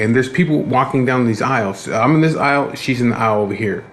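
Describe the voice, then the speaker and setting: A man's mid-range, fairly bright voice moves a little fast with few pauses as this vlogger complains about his day. The story is casual, rambling and profane, and he keeps restarting, clearly tired and fed up; there's slight background noise.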